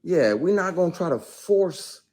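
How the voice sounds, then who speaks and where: His voice is high-pitched and animated, measured in pace and a little mellow. The actor streams live without a script, speaking to viewers in a heated, blunt, cursing manner and repeating points to hammer them in.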